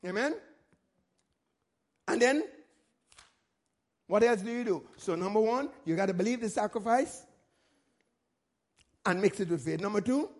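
High-voiced man preaching with commanding force. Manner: emphatic, commanding, rising to loud declarations; repeats phrases for emphasis, calls to the congregation. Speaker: pastor. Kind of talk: sermon.

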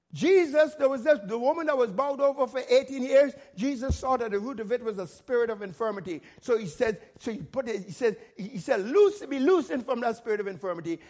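A male pastor preaching a sermon in an emphatic, commanding way, repeating phrases and rising to loud declarations. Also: extremely high pitch.

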